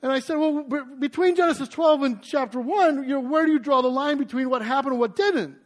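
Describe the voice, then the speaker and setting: A man preaching a sermon, telling a story with animated energy and then teaching through scripture passages. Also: very high voice. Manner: quotes scripture, quick asides. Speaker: pastor.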